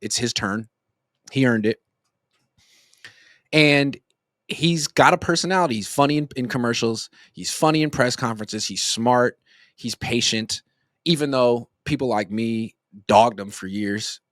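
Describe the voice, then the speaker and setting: A man's voice: mid-range voice, a little slow, a bit bright, dry recording. Joking man in his thirties, dry sound. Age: 30s. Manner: rambling, joking storyteller. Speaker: sports commentator. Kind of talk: casual sports commentary.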